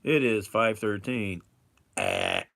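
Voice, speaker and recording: A man's voice: fairly low pitch, wildly swooping pitch, slow, vocal fry, a bit bright, no room sound. A man chatting casually on a livestream, rambling and chuckling as he reads viewer comments. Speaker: live streamer. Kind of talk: casual livestream chat while eating.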